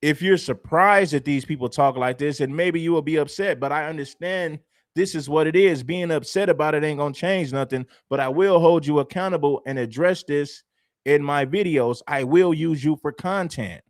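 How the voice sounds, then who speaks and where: A man's voice: on the high side, moderate pace, dry recording, studio quality. A man from Los Angeles hosting a commentary livestream, talking assertively and repeating his points for emphasis. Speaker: livestream host.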